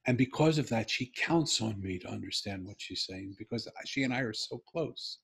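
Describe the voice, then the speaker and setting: A man's voice: lowish voice, expressive, moderate pace, vocal fry, breathy edge. A middle-aged man, a podcast guest, telling a personal story in an earnest, heartfelt, emphatic way.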